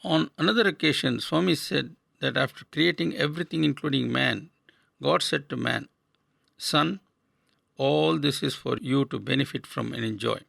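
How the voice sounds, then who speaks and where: An older man from India giving a scripted spiritual radio talk in a measured, earnest way, asking rhetorical questions. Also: mid-range voice, vocal fry, fairly bright tone, dry recording. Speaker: radio speaker.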